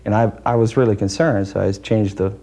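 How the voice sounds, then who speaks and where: A man with a low, mellow voice, talking through how deer calls work. He sounds measured and technical and often pauses to search for the next word. It is an interview recorded outdoors. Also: steady tone. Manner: measured and technical, with frequent hesitations. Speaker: deer calling expert guest. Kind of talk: explanatory interview talk.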